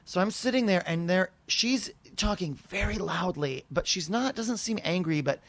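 A man telling an anecdote in casual conversation, lively and acting out the people he quotes in raised voices. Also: high-pitched, normal speed.

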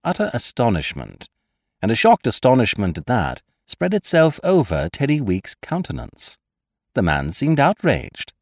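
A man reading a comic story aloud in a measured, wry storytelling manner. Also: medium pitch, huge pitch swings, dry recording, clean studio sound. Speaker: reader. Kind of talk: scripted narration.

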